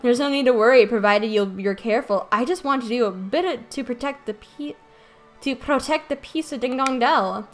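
A woman's voice: on the high side, moderate pace, natural voice. A woman voicing a plucky, brave cat volunteer in a game, eager and spirited, over faint game music.

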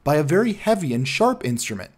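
A man reading the part of a calm, kindly Victorian doctor with a firm, brisk bedside manner in an audiobook. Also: fairly high pitch, slightly rough.

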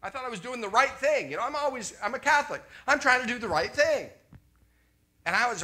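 An older man preaching a sermon as pastor, animated, jumping from loud exclamations to quiet asides. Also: high-pitched, fast talker.

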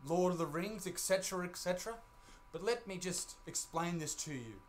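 A man's voice: sits high, animated, normal speed, a little hiss or hum. An Australian man ranting bluntly and mockingly in a comedy video, swearing constantly. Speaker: comedy YouTuber. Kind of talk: profane comedic rant.

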